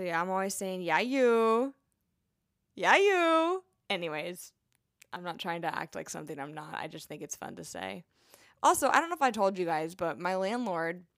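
A woman's voice: on the low side, vocal fry, fairly bright tone, no echo, studio quality. A young woman hosting a podcast, a nurse chatting casually with a rambling, playful manner and lots of asides. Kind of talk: casual chat.

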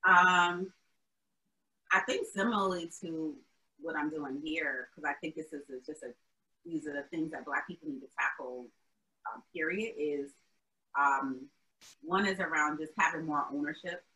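A woman's voice: sits low, normal speed, sharp tone, rough recording. A woman from Albany speaking as an interview guest, thoughtful and earnest, with frequent restarts. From Albany, New York. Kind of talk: casual interview chat.

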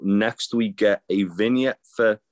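A man's voice: on the low side, takes it slowly. A man co-hosting a casual podcast, rambling with lots of fillers and restarts. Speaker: podcast co-host. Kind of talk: casual wrestling chat.

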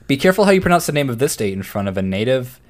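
Young male podcast co-host, mid pitch, playful and giggly, reads items aloud. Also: very animated, fast talker. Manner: laughs often, playful teasing. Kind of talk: casual chat.

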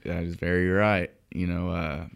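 A man's voice: deep voice, fairly even intonation, normal speed, creaky, clear, resonant tone. A young man, a fly fishing guide, chatting casually on a podcast with lots of fillers and restarts.

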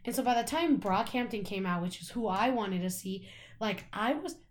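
A woman's voice: mid-range voice, expressive, moderate pace. Young woman, podcast co-host, casual rambling chat, filler-heavy. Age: young adult. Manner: rambling storytelling, full of "like" and swearing.

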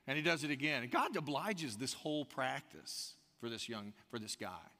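A man's voice: mid-range voice, normal speed. A man preaching a sermon, telling stories and acting out quoted lines, calling the congregation y'all. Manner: animated storytelling with quoted asides, addresses the congregation as y'all. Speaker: pastor. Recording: long hall reverb.

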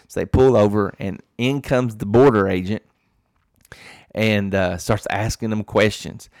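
Low-voiced man telling a rambling story. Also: fairly even intonation, normal speed, no room sound. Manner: rambling storyteller, many restarts and fillers. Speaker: podcast co-host. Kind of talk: casual chat.

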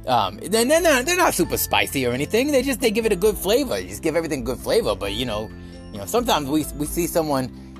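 A man from the New York area with a New York accent, hosting a comedic rant podcast in an animated, rambling way full of restarts. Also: mid-range voice. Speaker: podcast host.

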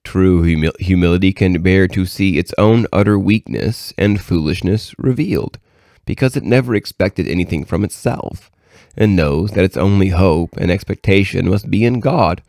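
A man reading aloud from a devotional book in a measured, earnest way. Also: low voice, vocal fry, darkish tone, no echo, studio quality. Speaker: reader.

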